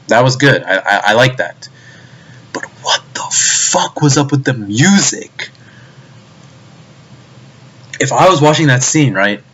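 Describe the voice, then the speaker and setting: A young man rants through a video review in a middle-pitched voice. He sounds exasperated and swears freely. He trips over his words and starts his sentences again. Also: a bit bright. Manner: exasperated, profane, stumbling restarts. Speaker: anime reviewer.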